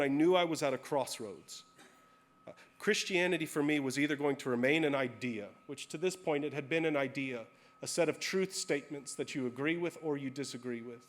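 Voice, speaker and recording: Man preaching a candid, storytelling sermon. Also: mid-range voice. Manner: storytelling, candid and self-deprecating. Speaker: pastor.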